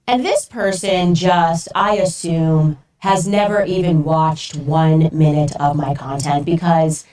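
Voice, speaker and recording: A woman's voice: low voice, slow, few pauses, recorded from a distance. Incredulous woman podcaster telling a story. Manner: incredulous, animated retelling, acting out quoted voices. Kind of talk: storytelling monologue.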